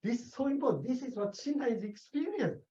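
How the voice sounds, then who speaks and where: A man's voice: extremely high pitch, lively intonation, a little fast, mellow. A man teaching a Buddhist sutra in an emphatic lecturing manner, often checking understanding with "okay?" and "see?". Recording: dull lo-fi recording.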